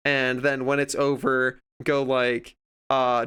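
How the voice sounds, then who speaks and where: Male streamer, casual rambling chat, profane, smooth clean tone. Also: medium pitch, little pitch movement, slow pace, fairly bright tone. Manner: rambling, profane, acts out others in quoted voices.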